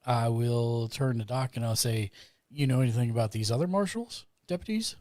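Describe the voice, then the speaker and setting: A man's voice: mid-range voice, normal speed, darkish tone, no room sound, studio quality. A man playing a tabletop role-playing game, talking in character with a drawling frontier manner. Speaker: player.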